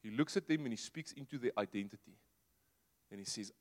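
A man preaching a sermon in a conversational way, asking the congregation rhetorical questions and dropping to a soft low voice to make a point. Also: lively intonation, brisk. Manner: drops to a soft low voice for emphasis. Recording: long hall reverb.

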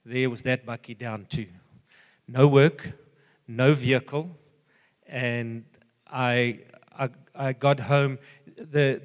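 Older guy sharing a testimony, lots of uhs and restarts, echoey hall. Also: medium pitch. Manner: earnest, halting storytelling with many fillers and restarts. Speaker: church member giving a testimony. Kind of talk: personal testimony.

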